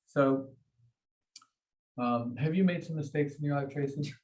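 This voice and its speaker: A man's voice: on the high side, a little slow, darkish tone, low-quality recording. Man teaching a meditation class. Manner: conversational, checks in with "okay?" and "right?". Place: class with students present.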